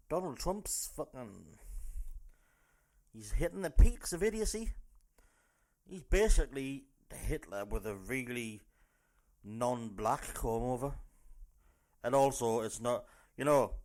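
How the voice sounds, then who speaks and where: A man with a North East English accent hosting a loud, sweary, rambling news rant podcast. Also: mid-range voice. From North East England. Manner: loud, sweary, rambling, jumps into silly put-on voices. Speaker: podcast host.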